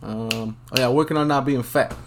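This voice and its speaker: A man's voice: medium pitch, normal speed, background noise. A young man hosting a solo podcast, rambling casually and swearing a lot in a laid-back way. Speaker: podcast host. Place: Los Angeles, at home.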